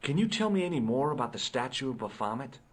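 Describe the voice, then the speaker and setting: A lively, wisecracking investigator. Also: male voice, medium pitch, dry recording. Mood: curious. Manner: lively, quick and wry. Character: wisecracking male amateur investigator, curious. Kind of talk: video game voice acting.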